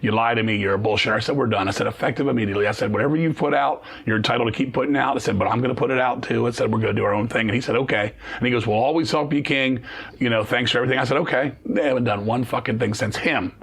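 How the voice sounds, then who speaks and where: A man talks at a rapid clip, his husky voice running through a long story. He swears freely and acts out what other people said in his anecdote. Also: mid-range voice. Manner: profane, rapid, animated storytelling, acting out quoted dialogue. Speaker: guest musician. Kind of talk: casual interview storytelling.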